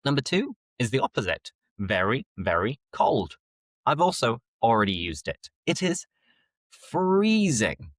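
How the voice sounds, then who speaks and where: A man's voice: mid-range voice, big pitch swings, no echo. A man with a Yorkshire accent, teaching vocabulary on a podcast and stretching out key words so learners can catch them. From northern England. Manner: slow, clearly enunciated teaching with drawn-out key words. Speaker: English teacher. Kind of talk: podcast lesson.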